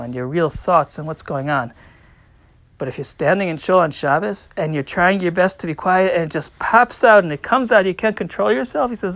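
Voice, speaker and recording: A man's voice: a little high, a bit bright, no room sound. Man giving a dry, close Torah talk. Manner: storytelling, acts out quotes with rising and falling volume. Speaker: rabbi teaching.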